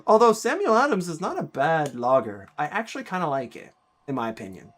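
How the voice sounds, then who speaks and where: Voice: medium pitch, sing-song, a little fast. A speaker from the United States, rambling in casual chat while streaming a game and laughing often.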